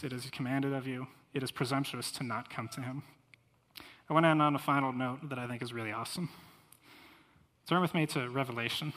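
A man's voice: mid-range voice, fairly bright tone. A man preaching a sermon as a missionary, earnest and fervent, reading scripture aloud with rising force. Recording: long hall reverb.

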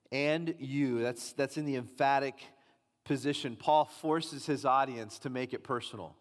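A male pastor with a medium-pitched voice preaches at a measured pace in a church sanctuary, where a large hall's long reverb surrounds him. Emphatic and repetitive, he builds and pushes hard on key lines.

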